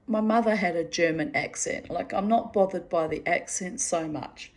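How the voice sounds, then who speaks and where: A woman's voice: fairly low pitch, darkish tone. A middle-aged woman reading her diary aloud and chatting about it in a wry, self-mocking way that breaks into laughter. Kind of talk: casual spoken diary reading.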